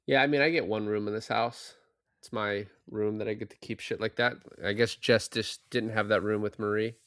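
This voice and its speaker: A man's voice: lowish voice, steady tone, normal speed, fairly bright tone, smooth, no echo, studio quality. A man co-hosting a podcast, casually retelling film scenes and acting out the characters' lines. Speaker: podcast co-host.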